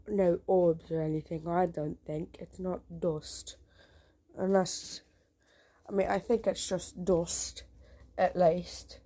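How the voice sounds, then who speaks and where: A woman vlogging from a dark room at home, rambling with frequent restarts, jumpy and swearing often. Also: medium pitch. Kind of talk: casual home vlog.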